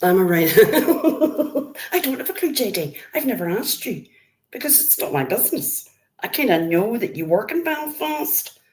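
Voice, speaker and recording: A woman's voice: mid-range voice, big pitch swings, normal speed. A middle-aged Northern Irish woman chatting on a live stream, greeting viewers by name and calling them love. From Northern Ireland.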